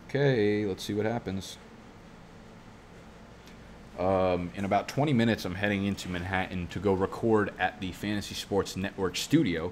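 Male streamer, low voice, loose and profane, tangent-prone chat. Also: darkish tone, a little hiss or hum. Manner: profane, rambling, goes off on tangents. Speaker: fantasy football youtuber. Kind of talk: casual live-stream commentary. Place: home studio.

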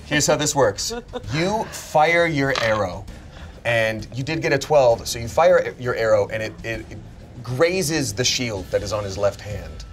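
A man running a tabletop game as game master, telling the scene with lively storytelling that drops to a hush in tense moments. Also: medium pitch, a little slow, over music. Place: studio.

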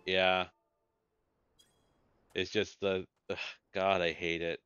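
A man rambles and jokes through a game playthrough, swearing freely. His voice is lowish and bright. The recording is dull and lo-fi, with game music behind. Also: level tone, slow, smooth, no room sound. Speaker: let's play host. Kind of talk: casual gameplay commentary.

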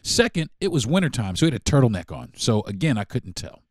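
A man hosting a podcast spins a casual, profanity-laced story, jumping into the voices of the people in it. His pitch swings widely as he talks. The sound is close and dry, with no room around it. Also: fast talker, dry recording. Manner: animated, profane, acts out dialogue. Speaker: podcast host.

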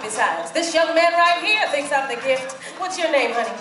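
A woman's voice: high-pitched, expressive, normal speed. A woman playing a sassy, flirtatious troupe singer who teases an audience member. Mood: teasing. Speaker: stage show performer. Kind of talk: live theater audience play. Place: large theater-in-the-round with an audience. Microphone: camcorder in the audience. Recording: distant echoey live venue, crowd and music.

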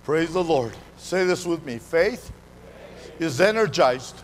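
High-voiced fervent preacher in a hall. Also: male voice, animated, slow. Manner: fervent, repetitive call-and-response preaching. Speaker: pastor. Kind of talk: live church sermon. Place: church sanctuary. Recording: reverberant hall, faint background noise.

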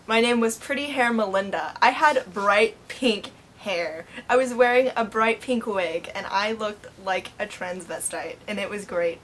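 A woman, an actor, chatting in a lively, amused way about an old school role. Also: medium pitch, a little slow, few pauses, slight background noise. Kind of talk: casual interview.

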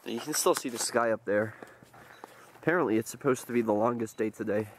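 A man's voice: mid-range voice, fast, slight background noise. A man in his twenties chatting casually to the camera in a vlog, rambling and joking as he tells stories outdoors. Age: 20s. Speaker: vlogger. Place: outdoors in a quiet open field.

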